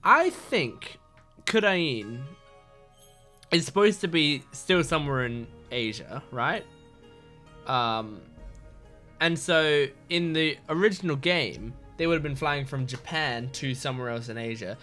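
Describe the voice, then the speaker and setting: A young man hosts a let's play, chatting loosely over the game and reading its dialogue aloud, with plenty of fillers as he rambles. His voice is on the high side, animated, slow, and pushed bright, with faint game music behind him.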